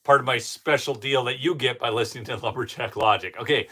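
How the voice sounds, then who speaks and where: A man's voice: medium pitch, steady tone, fast talker, bright, forceful tone, slightly rough. A man hosting a live-streamed political commentary show, heated and indignant, talking straight to his chat.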